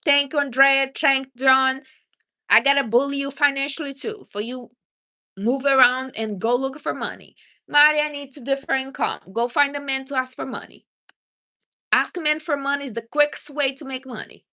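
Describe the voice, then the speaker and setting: Bright-voiced woman giving blunt advice. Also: high-pitched, moderate pace. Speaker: livestream host. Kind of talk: casual livestream chat.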